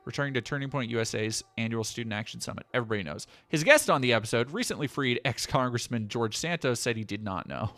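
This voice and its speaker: A man's voice: medium pitch, lively intonation, fast talker, hardly any pauses, fairly bright tone, no room sound, faint music behind. A man streaming, reading news headlines aloud and reacting with sarcastic asides. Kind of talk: casual stream commentary.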